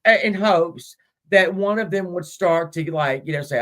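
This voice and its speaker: A woman's voice: fairly low pitch, normal speed, a bit bright. A woman hosting a livestream, casually retelling a story and giggling as she reads. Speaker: livestream host.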